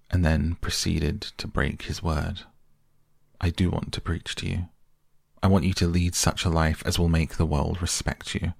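A man reads an earnest middle-aged painter pleading urgently with a wayward friend, his voice extremely deep and gravelly. The words come husky and close in a dry room, like a bedtime storybook reading. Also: darkish tone, no room sound, exaggerated voice. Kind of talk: softly read bedtime audiobook.

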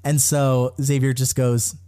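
Man, mid pitch, animated gossipy storyteller, casual co-host chat. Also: measured pace, clean tone. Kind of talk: casual chat recapping a reality show.

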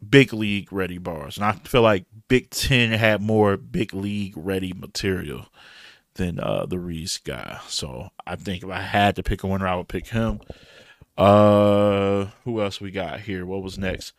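A man's voice: low-pitched, measured pace, no echo, clean studio sound. A middle-aged man with a Detroit accent, casually recapping battle rap events in a loose, rambling, slangy way. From Detroit, USA.

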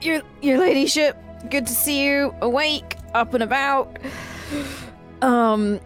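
A woman's voice: high voice, slow pace, faint music behind. A woman playing her character in a tabletop game, speaking hesitantly with stumbles. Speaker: player.

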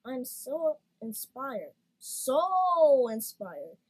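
A woman voicing an excitable, artsy talking crutch in a storybook. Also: mid-range voice, fairly quick, slightly rough, poor audio. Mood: enthusiastic. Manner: enthusiastic.

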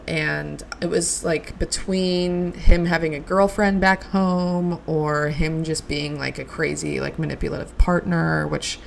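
A woman's voice: deep voice, creaky, slight background noise. A young woman hosting a solo podcast, gushing and chatty with lots of likes and ums. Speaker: podcast host. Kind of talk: casual solo podcast chat.

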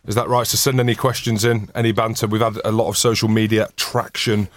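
A man's voice: on the low side, little pitch movement, quick pace, no room sound. A man hosting a rugby podcast, joking around while running through the formalities in casual banter. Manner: jokey, runs the formalities. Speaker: podcast host.

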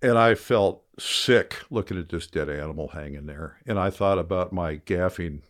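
Speaking in a low voice at a moderate pace, a former fishing guide, now an older man, recounts a spirited story. The conversation is casual, and he bellows the lines he quotes.

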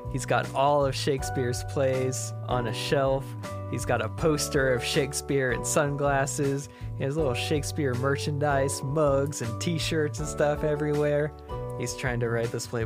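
Laid-back podcast cohost, mid-pitch voice, laughs a lot, brainstorming sketches. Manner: easygoing, laughs often. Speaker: podcast co-host. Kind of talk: casual brainstorming chat and outline reading.

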